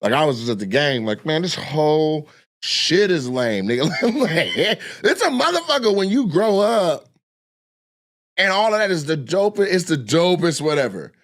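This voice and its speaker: Animated profane man telling stories. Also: sits high, normal speed. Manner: animated, profane, acts out voices. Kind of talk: casual storytelling.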